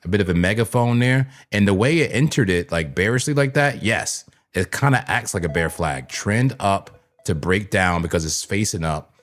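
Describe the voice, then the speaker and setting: A man's voice: on the low side, lively intonation, moderate pace, few pauses, fairly bright tone, faint music behind. A man hosting a crypto trading livestream, chatting loosely with his viewers and rambling with plenty of "like" and "man.". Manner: talks straight to chat viewers. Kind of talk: casual live trading commentary.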